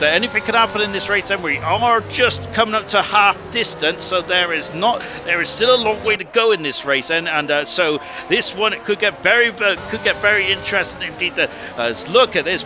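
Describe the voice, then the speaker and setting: A man giving live commentary on a sim racing league, excitable and rambling, full of fillers and exclamations. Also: on the high side, noisy background. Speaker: esports race commentator.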